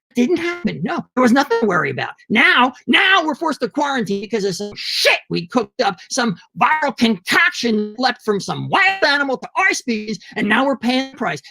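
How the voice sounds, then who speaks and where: Sex: man. Style: ranting comic monologue, husky, dry. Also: extremely high pitch, bright, forceful tone, no room sound. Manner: agitated, profane, ranting to the camera. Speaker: monologue performer. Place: home room, alone. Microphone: laptop on a video call.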